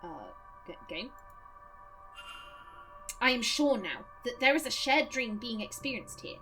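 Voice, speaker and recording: A woman's voice: fairly high pitch, expressive, unhurried, a bit bright, faint music behind. A woman voicing a middle-aged male doctor in a video game, in a put-on Irish accent, speaking in an earnest, precise, lecturing way. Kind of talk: reading game dialogue aloud.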